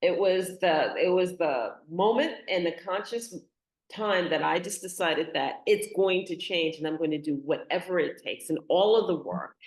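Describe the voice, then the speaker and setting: A woman hosting a spiritual podcast, speaking in an earnest, affirming and meditative way. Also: fairly low pitch. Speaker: podcast host. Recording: echoey room.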